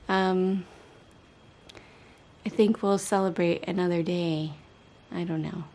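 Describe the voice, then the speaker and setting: A woman in her thirties talking candidly to camera in a casual home vlog, chatting directly to her viewers. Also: medium pitch. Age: 30s. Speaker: vlogger.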